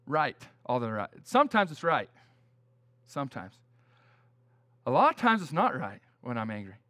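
A man's voice: high-pitched, fairly bright tone. A middle-aged man preaching a conversational sermon, plain-spoken and folksy, telling stories with frequent restarts.

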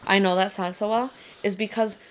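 A young woman co-hosting a casual podcast, chatty and giggly, quick to tease. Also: medium pitch, steady tone. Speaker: podcast co-host. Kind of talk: casual chat.

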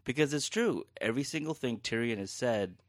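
A man's voice: mid-range voice, lively intonation, brisk, dry recording, studio quality. A man co-hosting a podcast, musing through a TV recap in casual talk with many restarts. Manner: thinks aloud with many restarts. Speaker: podcast co-host.

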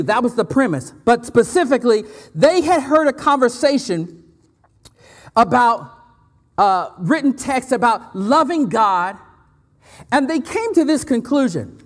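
A man preaching a lively sermon as pastor, repeating phrases and laughing often. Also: very high-pitched, measured pace. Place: church. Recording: church hall with long reverb.

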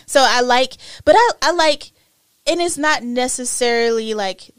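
A woman co-hosting a casual podcast chat, animated and chatty, laughing often. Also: high-pitched, unhurried, clean tone, no room sound, studio quality. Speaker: podcast co-host.

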